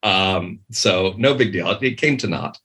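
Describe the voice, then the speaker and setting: A man's voice: low-pitched, measured pace, a bit bright. A man guest on a podcast, chatting casually and rambling, with many ums and restarts. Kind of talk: casual chat.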